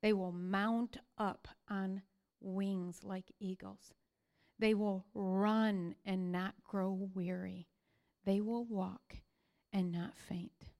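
A woman preaching a sermon, telling stories with energy and then sinking to soft whispers. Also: mid-range voice. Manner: animated storytelling that sinks to soft whispers.

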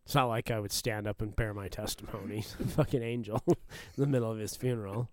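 A man's voice: on the low side, steady tone, quick pace, no echo. A man co-hosting a podcast in casual chat, teasing with crude jokes and laughing often. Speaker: podcast co-host.

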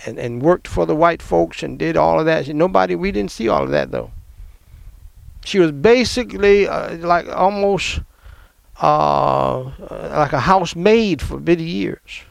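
Gravelly man telling his story. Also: fairly high pitch, a little slow, no room sound. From American South. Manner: emotional, animated, laughs often. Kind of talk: personal storytelling.

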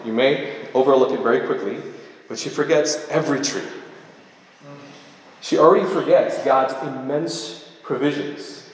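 Man preaching in a booming, echoey hall. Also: animated, a little hiss or hum. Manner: reads verses aloud, then pauses to explain them line by line. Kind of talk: sermon, scripture exposition. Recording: very echoey hall with long reverb.

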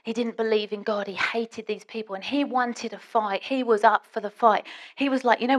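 A woman preaching a sermon in a church, dramatic and swinging between hushed and loud. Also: on the high side, moderate pace.

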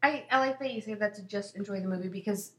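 A woman's voice: medium pitch, fast talker. A woman co-hosting a podcast, chatting in an emphatic, opinionated way. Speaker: podcast co-host. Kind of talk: casual chat. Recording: roomy echo.

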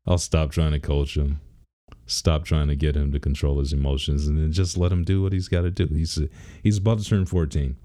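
A man's voice: rumbling low, steady tone, brisk, dark tone. A man in his thirties, a father, talking casually in a rambling, laid-back way and laughing now and then. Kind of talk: casual personal vlog.

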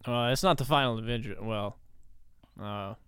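A man co-hosting a podcast in casual chat, making dry jokes in a deadpan way. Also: medium pitch, moderate pace, clean tone, dry recording. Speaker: podcast co-host.

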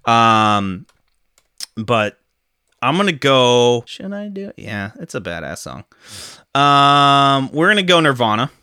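A man from northern Michigan hosting a podcast, chatting casually in an excitable way, laughing often and filling his talk with "like.". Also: mid-range voice, slow, clean tone, dry recording, clean studio sound. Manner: excitable, laughing, filler-heavy. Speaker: podcast host. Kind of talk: casual chat.

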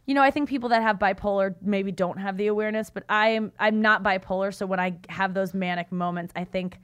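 Clear and resonant, her medium-pitched voice moves fast as she co-hosts a podcast. She recounts an anecdote in easygoing conversation, animated and doing the voices of the characters.

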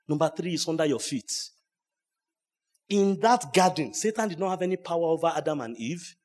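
A pastor preaching at a church service, his voice sitting fairly high for a man. He swings from quiet, dropped asides to loud, ringing shouts. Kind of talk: sermon.

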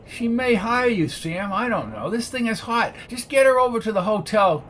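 A blunt, brisk police sergeant, as a male narrator voices him, talking in short, matter-of-fact lines with a lifted pitch. He belongs to a hard-boiled detective audiobook with a faint hiss underneath. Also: lively intonation, fairly bright tone.

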